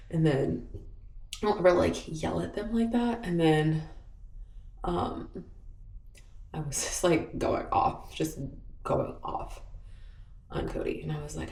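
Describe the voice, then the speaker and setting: A woman's voice: deep voice, fairly quick, long pauses, darkish tone. A young woman vlogging from home, talking frankly in a rambling, chatty way with many fillers. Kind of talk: candid diary vlog. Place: at home, indoors. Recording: echoey room, mic at a distance.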